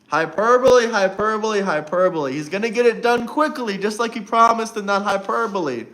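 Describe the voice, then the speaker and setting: High, bright-voiced taunting male streamer. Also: expressive, a little fast. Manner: mocking, taunting chat banter. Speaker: livestream host. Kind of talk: casual livestream chat reacting to viewers.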